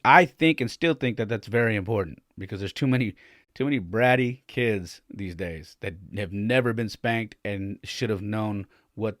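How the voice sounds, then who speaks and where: A man in his forties hosts a podcast in a mid-range voice, recorded clean in a studio with no room sound. He tells a candid family story, acting out the dialogue, and his voice climbs as he gets worked up.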